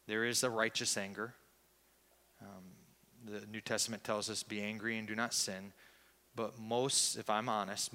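Man, pastor, sermon, reflective, confessional, slow, bright voice, long church reverb. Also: fairly low pitch. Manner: reflective and confessional, with hesitant pauses.

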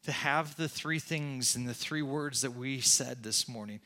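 A man preaching a sermon with passion, rising loud and excited, then dropping to hushed, near-whispered lines. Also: mid-range voice, unhurried. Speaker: pastor.

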